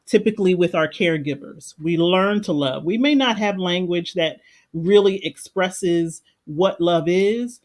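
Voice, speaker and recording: A woman life coach on a livestream, talking in an earnest, reflective and emotional way. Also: fairly low pitch. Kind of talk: livestream meditation talk. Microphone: livestream microphone.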